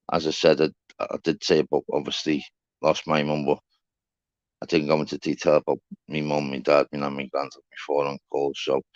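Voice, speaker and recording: A man, hosting a casual live chat with viewers. He shouts out greetings, then drops into quiet, sombre talk. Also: sits low, no echo, dull audio. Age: 30s. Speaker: livestream host.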